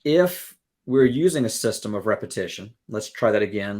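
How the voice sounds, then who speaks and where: A man's voice: fairly low pitch, animated, fairly quick, darkish tone. Man explaining earnestly. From Southern United States. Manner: earnest explaining, with everyday analogies; acts out quoted exchanges. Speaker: guest music educator. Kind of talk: podcast interview.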